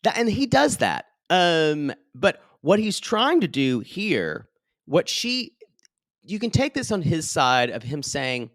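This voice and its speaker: A man co-hosting a casual recap podcast, gossipy and sarcastic. His pitch swoops all over as he talks. The sound is dry and close. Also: very animated, slow pace, fairly bright tone, no echo. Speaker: podcast co-host.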